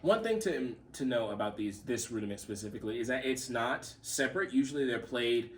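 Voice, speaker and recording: A man's voice: medium pitch, a little fast, distant mic, heavy background noise. A man giving a casual drum lesson, calling out the sticking and explaining as he plays. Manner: relaxed, repeats himself, counts stickings aloud. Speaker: drum teacher. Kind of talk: casual spoken lesson with demonstrations.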